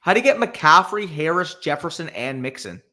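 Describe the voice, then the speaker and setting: A young man with a bright, forward voice runs a casual live stream. He reads chat questions aloud and fires back loose, quick reactions. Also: fairly high pitch, expressive. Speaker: fantasy football podcast host.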